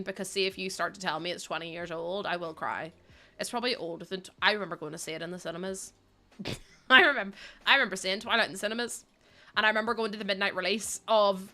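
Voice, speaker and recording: A woman in her thirties streaming from her room at home, chatting to her viewers while she plays, giggly and animated. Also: medium pitch. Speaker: livestreamer. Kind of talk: casual chat while gaming.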